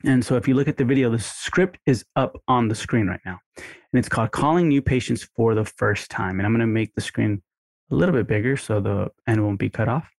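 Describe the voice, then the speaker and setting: A man teaching a coaching lesson, talking energetically and acting out sample phone calls in bright put-on voices. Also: mid-range voice, brisk, vocal fry, no echo, clean studio sound. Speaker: marketing instructor. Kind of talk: coaching lesson with screen walkthrough.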